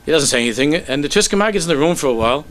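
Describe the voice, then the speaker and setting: Male rabbi, storytelling sermon, lively delivery that drops quiet and low. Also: rapid-fire. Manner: animated storytelling, sinks to soft low tones.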